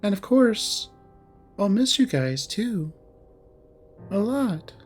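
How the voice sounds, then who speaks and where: A man voicing a confident young woman about to leave home for college, speaking softly and a little wistfully in a visual novel read-aloud. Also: high voice, sing-song, slow pace, husky, faint music behind, pitched above the performer's own voice, heavily acted.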